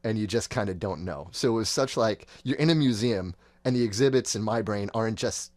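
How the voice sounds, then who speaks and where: A man in his thirties with a lowish voice, retelling a wild day in a loose, rambling way and slipping into quoted voices. The sound is dry and close, with no room around it. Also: brisk, a little mellow, no room sound. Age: 30s. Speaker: podcast host. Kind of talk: casual storytelling.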